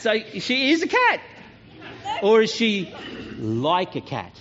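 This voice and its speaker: A man's voice: sits high, huge pitch swings, takes it slowly, fairly bright tone, a little hiss or hum. A man giving a playful, joking children's talk in church, quizzing the kids as he goes. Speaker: children's pastor. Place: church hall. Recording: dull lo-fi church sound.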